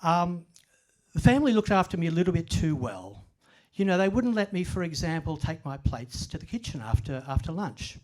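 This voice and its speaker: A man's voice: on the high side, big pitch swings, normal speed. An older man giving a self-deprecating, humorous storytelling talk at a library event. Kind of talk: storytelling presentation.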